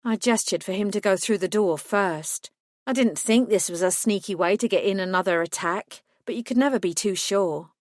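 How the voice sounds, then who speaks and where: A woman's voice: mid-range voice, normal speed, no echo. Woman narrating an audiobook, dry studio sound. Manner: reads in first person, voices characters with small shifts.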